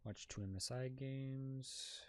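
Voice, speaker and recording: A man mumbles loosely to himself while playing a game. His voice sits at an ordinary middle pitch, relaxed and unhurried. He hums and thinks aloud between moves. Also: no echo. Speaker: gamer streamer. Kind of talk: casual gameplay commentary.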